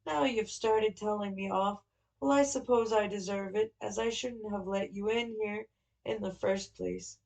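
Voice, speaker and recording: A woman's voice: medium pitch, fairly even intonation, a little slow, darkish tone, lightly acted, low-quality recording. A woman reading a novel aloud, voicing a tired young woman lodger who is weary and mildly reproachful.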